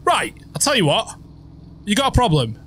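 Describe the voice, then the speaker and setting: A man's voice: high voice, very animated, normal speed, fairly bright tone. Young man, horror let's-play host, jumpy and sweary, faint hiss behind. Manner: jumpy, swearing, muttering reactions. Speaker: gaming YouTuber.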